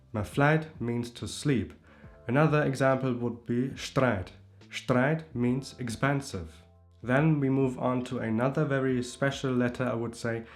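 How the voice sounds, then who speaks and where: A man teaching a language lesson, patiently explaining and repeating example words slowly. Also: mid-range voice. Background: faint background music.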